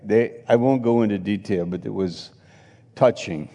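A man's voice: on the low side, moderate pace, gravelly, mellow, in a large hall. A man preaching a sermon, telling chatty stories with laughs and acted-out quotes. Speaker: pastor. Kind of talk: sermon storytelling.

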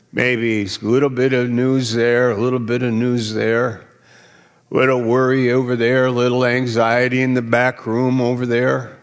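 A man's voice: medium pitch, gravelly. A male pastor preaching a sermon, teasing the congregation in a playful way. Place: large church hall. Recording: long hall reverb.

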